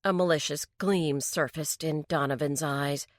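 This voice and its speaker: A woman narrating a mystery story in a slow, even storytelling delivery. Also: lowish voice, no room sound, clean studio sound. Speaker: audiobook narrator. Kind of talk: scripted narration.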